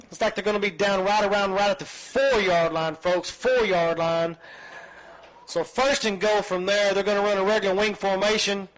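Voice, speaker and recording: A man calling high school football play-by-play in a folksy, chatty way. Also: normal speed, low-quality recording. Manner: folksy, chatty, excitable on big plays. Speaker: play-by-play announcer.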